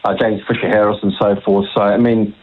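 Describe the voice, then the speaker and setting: A man's voice: fairly low pitch, level tone, a little fast, narrow, tinny audio, slight background noise. A man from New Zealand phoning in to a radio show, talking in a rambling, hesitant way full of "mate" and fillers. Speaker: radio caller. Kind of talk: phone-in chat.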